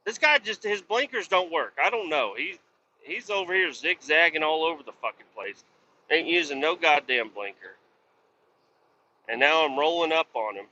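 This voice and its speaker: Profane ranting trucker man, bright voice. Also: on the high side, lively intonation, normal speed, dull audio, slight background noise. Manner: profane, ranting at other drivers. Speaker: truck driver. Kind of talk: casual driving vlog. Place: inside a truck cab on the highway.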